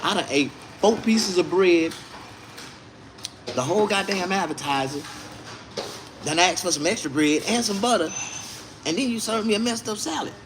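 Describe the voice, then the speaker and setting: A man's voice: high voice, lively intonation, moderate pace, pauses often, noisy background. A man telling a story in a casual, indignant rant, full of swearing. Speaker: vlogger.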